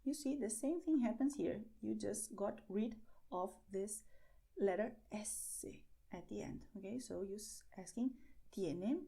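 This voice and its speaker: A woman with a Spanish accent, a native Spanish speaker, teaching an online language lesson with patient explanations, slow model phrases and frequent checks of "okay?". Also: mid-range voice, gravelly, dark tone. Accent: Spanish, from Spain.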